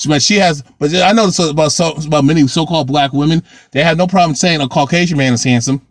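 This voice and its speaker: Guy ranting into his cam, higher-pitched voice, dry close sound, keeps repeating himself. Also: no echo. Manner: heated, repetitive, circles back and restarts. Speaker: vlogger. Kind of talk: ranting monologue to camera.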